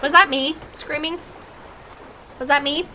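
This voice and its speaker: A woman's voice: sits high, steady tone, measured pace, background noise. A woman gamer giving rambling, joking commentary while playing a horror game.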